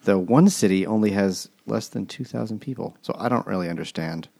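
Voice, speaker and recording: A man's voice: fairly low pitch, a little fast, creaky, dark tone. A man co-hosting a podcast, chatting casually with dry, wry asides. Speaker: podcast co-host. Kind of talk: casual chat.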